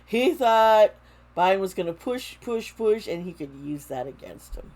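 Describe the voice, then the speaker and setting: A woman giving a casual tarot reading to camera, talking slowly, with frequent restarts and fillers. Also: mid-range voice, expressive, a little mellow. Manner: slow, halting, with many restarts and fillers. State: close to tears. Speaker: tarot reader.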